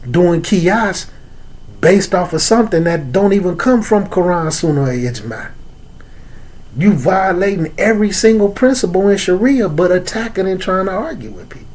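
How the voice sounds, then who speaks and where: A man's voice: a little high, a little mellow, breathy edge. A man from Chicago with an African American English accent, hosting a loose talk on religion and laughing between points. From Chicago, USA. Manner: loose, streetwise, repeats "man" and "you know what I'm saying". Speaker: host. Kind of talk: casual religious talk to an audience.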